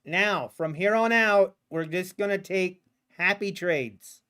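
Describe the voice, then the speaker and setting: A man with a high-pitched voice talks slowly and loosely through a live trading stream. He teases the market in a sarcastic, playful tone and breaks into laughs often. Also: pushed and bright, clean tone. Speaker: day trader streaming live. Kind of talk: casual livestream commentary.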